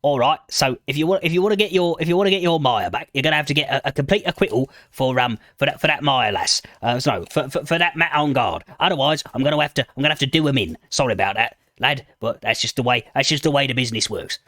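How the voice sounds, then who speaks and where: A man's voice: medium pitch, fast talker, hardly any pauses, fairly bright tone, dry recording, clean studio sound, natural voice. A man doing a British-tinged older kidnapper. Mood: threatening. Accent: attempted British. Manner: stammering restarts, repeating words. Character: menacing older male kidnapper, calm and businesslike.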